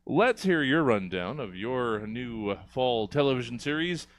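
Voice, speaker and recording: A man's voice: medium pitch, lively intonation, unhurried, hardly any pauses. A man hosting a comedy panel show who laughs often and keeps losing his words. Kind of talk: casual comedy panel chat.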